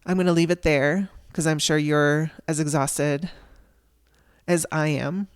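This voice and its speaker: A woman's voice: deep voice, fairly even intonation, measured pace, clean tone. A woman hosting a podcast, telling a raw personal story in a candid, emotional way and swearing casually. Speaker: podcast host.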